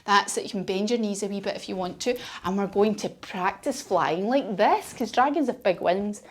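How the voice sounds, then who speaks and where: A woman's voice: mid-range voice, normal speed, slight background noise. A woman telling a story while leading a children's yoga class, playful and encouraging. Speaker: kids yoga teacher.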